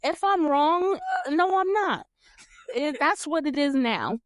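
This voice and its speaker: Animated, laughing young woman from New York. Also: high-pitched, a little slow, dry recording, clean studio sound. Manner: animated, laughs often, swears casually. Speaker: podcast host. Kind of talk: casual chat.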